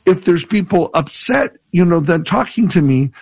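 A man's voice: high-pitched, expressive, normal speed, creaky, slightly rough. A man, a priest co-hosting a call-in radio show, talking in a reflective, earnest way and telling stories.

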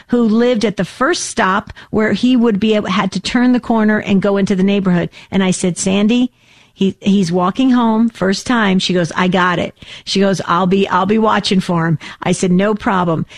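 A woman in her sixties, co-hosting a casual radio show, telling a story with animated, acted-out voices. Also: medium pitch, no echo. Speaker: co-host.

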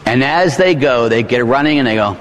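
A man preaching a dramatic sermon in a church hall, telling the story vividly and theatrically with sudden shouts. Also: mid-range voice, expressive, fairly quick, very noisy.

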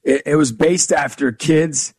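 A man's voice: on the high side, measured pace, a little mellow, husky, dry recording, clean studio sound. A man as a guest in a faith interview, earnestly telling a story and acting out the dialogue. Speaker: guest speaker.

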